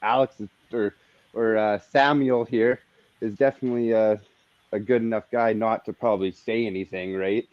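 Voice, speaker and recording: A man's voice: lowish voice, steady tone, normal speed, dry recording, highs cut off. A man from Canada chatting bluntly on an online panel, with casual swearing. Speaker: panel participant.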